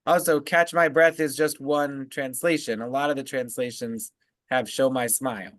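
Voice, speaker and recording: A man teaching as a rabbi, explaining word meanings in a halting way full of fillers and restarts. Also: mid-range voice, fairly even intonation, a bit bright, no echo. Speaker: rabbi leading a text study. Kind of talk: casual teaching discussion.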